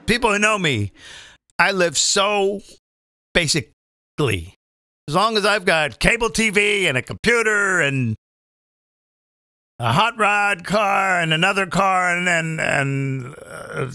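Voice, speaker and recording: A man's voice: high voice, sharp tone. A man hosting a live comedy show, ranting in a profane, rambling, digressive way.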